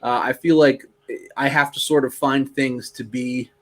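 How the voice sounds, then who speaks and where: A man's voice: medium pitch, fairly even intonation, moderate pace, a bit bright. A man co-hosting a casual wrestling podcast, talking in rambling bursts full of restarts and fillers. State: bit tongue. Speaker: podcast co-host. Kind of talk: casual chat.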